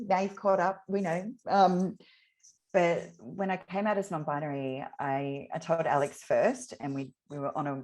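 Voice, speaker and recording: A woman, reflecting candidly in an interview, often pausing and restarting her sentences. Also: sits low, darkish tone. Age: 30s. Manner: reflective, halting, with many restarts.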